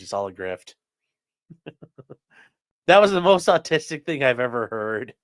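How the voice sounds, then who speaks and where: A man's voice: on the high side, sing-song, moderate pace, pauses often, fairly bright tone, dry recording, clean studio sound. A young man, a streamer and trial lawyer, chatting casually on a live stream, rambling, swearing and reading chat aloud.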